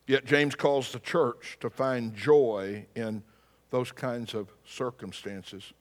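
A man preaching a sermon, telling a story with wry humor and lively delivery. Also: mid-range voice, slow pace, long reverb tail. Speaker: pastor.

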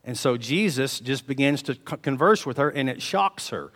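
A man preaching a sermon, telling the story with animated swings between loud emphasis and hushed delivery. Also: mid-range voice, moderate pace, hardly any pauses. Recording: long reverb of a large hall.

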